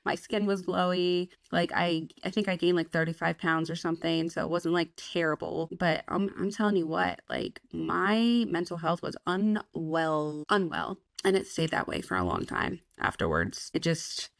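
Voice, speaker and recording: A woman's voice: on the low side, animated, normal speed, vocal fry, few pauses, no echo. A young woman co-hosting a podcast, talking frankly and casually, swearing freely and acting out her own past thoughts. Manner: frank, swears freely, quotes herself in voices. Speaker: podcast co-host. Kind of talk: candid casual chat.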